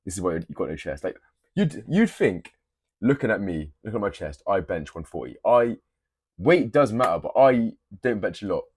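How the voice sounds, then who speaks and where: A man's voice: lowish voice, sing-song, moderate pace, darkish tone, breathy edge. Blunt, swearing young man. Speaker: fitness creator. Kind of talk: casual gym tips to camera.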